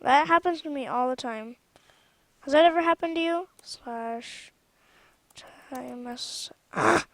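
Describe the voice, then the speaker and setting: A woman's voice: sits high, slow pace, long pauses, a bit bright. A woman giving casual gameplay commentary on her own game mod, rambling and chatty and often stopping to correct herself.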